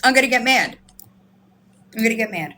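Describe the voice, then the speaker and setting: Her voice sits on the high side, bright and pushed, delivered briskly and expressively. This woman hosts a live stream, answering her chat with outraged, disbelieving rants full of swearing and repetition.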